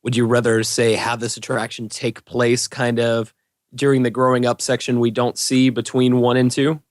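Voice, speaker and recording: A man co-hosting a podcast in casual chat, joking and pitching ideas as questions. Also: monotone, moderate pace, dry recording, clean studio sound. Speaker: podcast co-host.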